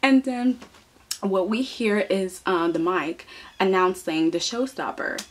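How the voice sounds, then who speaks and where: A woman giving sassy, animated commentary as she reviews a soap opera, often tossing in a rhetorical "okay?" and laughing. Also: medium pitch, slow pace, a little hiss or hum. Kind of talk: casual commentary.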